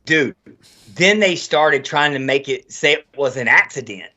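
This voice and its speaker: A man's voice: fairly high pitch, lively intonation, unhurried, sharp tone. Emphatic, swearing man on a podcast. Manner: emphatic, profane, swaggering. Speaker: podcast host. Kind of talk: casual conversation. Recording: dull lo-fi audio.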